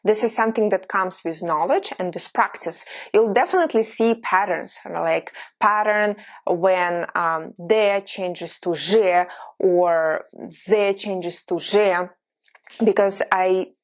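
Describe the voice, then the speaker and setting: Slow-paced Russian woman teaching a lesson. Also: medium pitch. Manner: explains patiently, slows down to model Russian words. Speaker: language teacher. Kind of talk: online language lesson.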